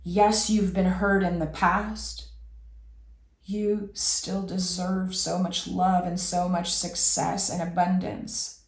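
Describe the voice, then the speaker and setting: A woman giving an intuitive tarot reading, talking softly and emotionally, drawing her phrases out. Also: lowish voice, flat delivery, roomy sound. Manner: slow, soft and emotional, with drawn-out phrases. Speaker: tarot reader.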